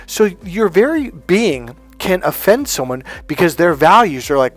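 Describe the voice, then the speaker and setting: A man coaching in a motivational talk, emphatic and animated as he tells personal stories. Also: high-pitched, unhurried, hardly any pauses. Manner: emphatic and animated, often acting out other people's lines. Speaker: life and dating coach.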